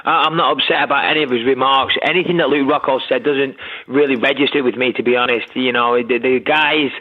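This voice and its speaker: A man's voice: mid-range voice, steady tone, fairly quick. A man in his thirties on a media conference call, blunt and combative, swearing freely. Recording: tinny phone line.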